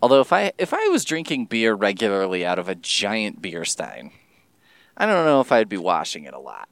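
A man rambling casually in a solo podcast monologue, swearing and jumping his pitch for emphasis. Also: huge pitch swings, normal speed, gravelly, no echo.

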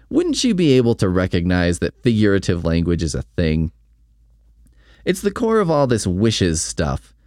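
A man's voice: on the low side, a little mellow, dry recording. A man giving a casual, sarcastic spoken book review, dry in his commentary.

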